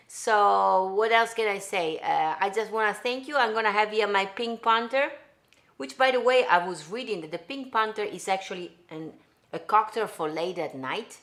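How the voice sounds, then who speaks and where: A fairly low-pitched, slightly bright voice belongs to an Italian host cooking live from her home kitchen. She greets viewers by name and keeps up loose chat in English, her Italian accent clear.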